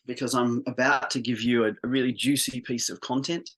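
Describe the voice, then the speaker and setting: A man's voice: medium pitch, fairly even intonation, fairly quick, hardly any pauses, fairly bright tone. A man coaching a live group session on business growth. He talks in an upbeat, informal way and guides the group as he goes.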